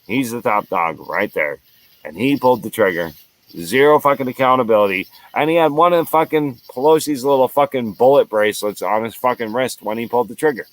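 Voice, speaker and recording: An American man hosting his own show delivers an angry, profane solo rant, heated and full of repeated lines. His mid-range voice runs a little fast, with no room sound.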